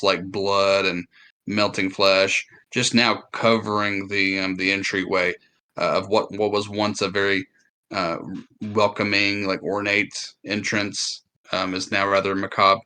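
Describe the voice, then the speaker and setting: A man narrating as game master in a tabletop game, describing scenes haltingly and with many fillers. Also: fairly low pitch, pushed and bright, smooth.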